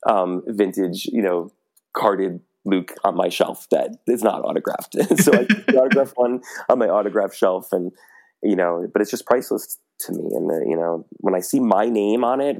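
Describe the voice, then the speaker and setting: A middle-aged man telling a personal story in casual chat, animated and laughing often. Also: deep voice, creaky.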